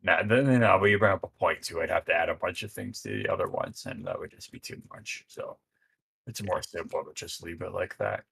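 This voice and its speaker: A man's voice: low-pitched, a little fast, vocal fry, a bit bright, slightly rough. A man chatting casually with fellow server admins while working on a game map, laid-back and swearing freely.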